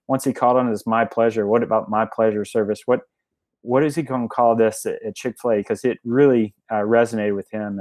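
A man's voice: on the low side, darkish tone, no echo. A man telling a story in a casual interview, rambling with many restarts and fillers. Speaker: guest, family member of a restaurant chain.

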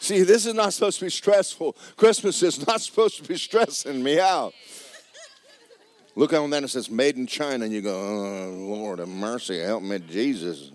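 A man preaching a sermon, swinging from loud exhortation to quiet, joking asides. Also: fairly high pitch, moderate pace.

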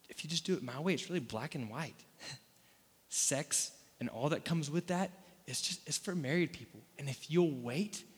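A man from Florida preaching a sermon in a casual, conversational way, with asides and rhetorical questions to the room. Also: mid-range voice. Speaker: pastor. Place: church hall. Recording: long hall reverb.

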